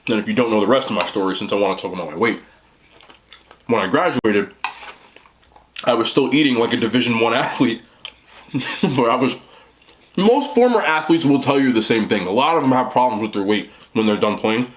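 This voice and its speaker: A man's voice: mid-range voice, animated, a little fast, pauses often, slight background noise. A young man who vlogs about eating, chatting casually as he eats on camera, often talking with a mouthful and rambling. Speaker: mukbang vlogger.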